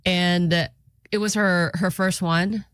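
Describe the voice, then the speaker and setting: A woman co-hosting a radio show, chatty and quick to laugh, slipping into Tagalog now and then. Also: fairly low pitch, steady tone, fairly bright tone, smooth, no room sound, clean studio sound. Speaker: radio co-host. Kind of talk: casual radio banter. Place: radio studio.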